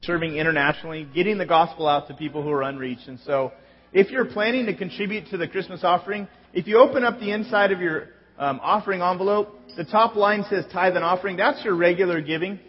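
In a church sanctuary, a man with a high voice and a quick pace delivers the announcements casually, pausing at times to fix what he just said. The hall echoes, the sound is dull, and music runs in the background.

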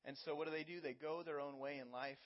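A man's voice: fairly high pitch, fairly even intonation, fast, dull audio. A man preaching a sermon as pastor, explaining scripture in an earnest teaching manner with everyday illustrations.

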